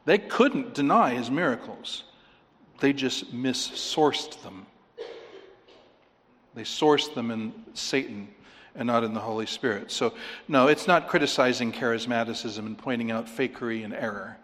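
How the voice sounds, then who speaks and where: A man's voice: mid-range voice, unhurried, a bit bright, in a large hall. A man preaching a sermon, counting off his points one by one and pressing them home with rhetorical questions. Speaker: pastor.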